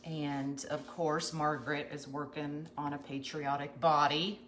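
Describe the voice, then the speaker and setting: A woman's voice: sits low, flat delivery, measured pace, fairly bright tone, slight background noise. A woman hosting a live craft tutorial, chatting folksily with viewers as she works. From USA. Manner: chatty, folksy, talks to viewers while working. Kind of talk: live craft demonstration chat.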